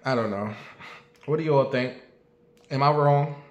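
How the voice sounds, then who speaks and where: A man's voice: medium pitch, normal speed, muffled recording. Blunt, profane man in an echoey room. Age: late 30s. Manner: blunt, profane and talkative, asking the audience questions. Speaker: show host. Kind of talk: casual commentary monologue. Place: at home.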